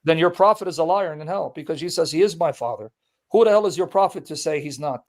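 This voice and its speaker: Insistent high-voiced man debating. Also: fast talker, darkish tone. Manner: insistent, challenging, quotes verses emphatically. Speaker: Christian apologist debating a Muslim. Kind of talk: street debate, reading scripture aloud.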